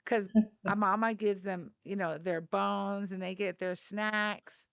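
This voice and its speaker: A woman's voice: medium pitch, steady tone, takes it slowly, gravelly, a bit bright, clean tone, no room sound. A woman hosting a casual livestream, chatting in a rambling way and addressing her viewers directly. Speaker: livestream host.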